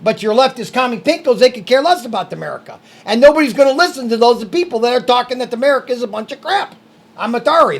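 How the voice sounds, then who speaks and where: A man's voice: very high voice, animated, fairly quick. A man co-hosting a casual podcast chat, ranting in an opinionated way and often tagging on "okay?". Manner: ranting, repeats okay and good grief. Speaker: podcast co-host. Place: room with cigars.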